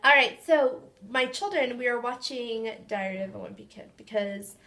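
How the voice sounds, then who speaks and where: High-voiced animated woman storyteller. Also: moderate pace. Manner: animated storyteller, acts out quotes. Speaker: podcast co-host, mother. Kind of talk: casual faith conversation.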